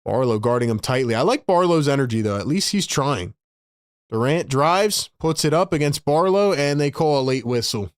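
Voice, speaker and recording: Calling basketball play-by-play on his live stream, a man vents his frustration at his team and exasperatedly chats with viewers. His mid-range voice is animated and moderately paced, captured in studio quality without echo.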